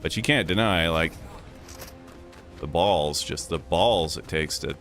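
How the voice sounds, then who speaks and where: A man's voice: deep voice, takes it slowly, fairly bright tone. A man telling a loose, profane story in a casual vlog, full of "like" and "dude", sitting inside a vehicle. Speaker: vlogger. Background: music playing.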